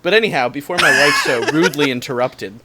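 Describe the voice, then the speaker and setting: A man's voice: mid-range voice, quick pace, very noisy. A man in a casual podcast chat, playful and wry, trading jokes with his co-hosts. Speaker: vocalist and co-host.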